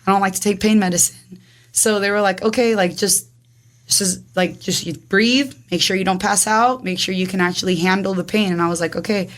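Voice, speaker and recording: Twenties woman telling her story, super animated, tons of "like", acts out every line, mid pitch. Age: 20s. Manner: rapid, animated, acts out dialogue with frequent "like". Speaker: guest. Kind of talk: casual storytelling.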